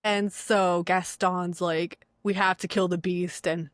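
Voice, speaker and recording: Animated young woman recapping a film. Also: fairly low pitch, slow pace, dry recording, studio quality. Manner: animated, acts out characters' lines, swears freely. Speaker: podcast co-host. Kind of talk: casual chat recapping a film.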